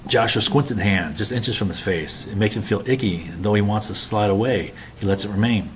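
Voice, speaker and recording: A man narrating an audiobook in a plain, even storytelling manner. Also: fairly low pitch, a little fast, hardly any pauses, a little hiss or hum. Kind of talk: scripted narration.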